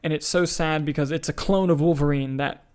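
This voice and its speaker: Young male podcast co-host, excitable and emotional, fairly high voice. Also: brisk, clean tone. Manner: excitable, swearing, emotional swings in pitch. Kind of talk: casual chat.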